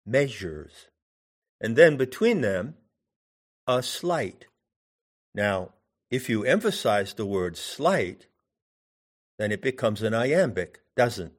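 A man teaching in a deliberate way, pausing to put questions to the listener. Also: fairly low pitch. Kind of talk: meditative teaching talk.

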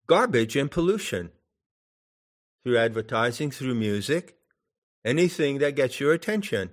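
Guy teaching meditation, super slow and thoughtful, lots of pauses, medium voice. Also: mid-range voice. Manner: slow, deliberate, musing, with long pauses. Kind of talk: spoken dharma instruction.

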